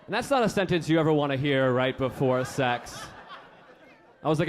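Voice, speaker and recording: A man doing a stand-up comedy set on a club stage, with a deadpan, self-deprecating delivery. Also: fairly high pitch, moderate pace. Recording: live club set with faint crowd. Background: audience laughter.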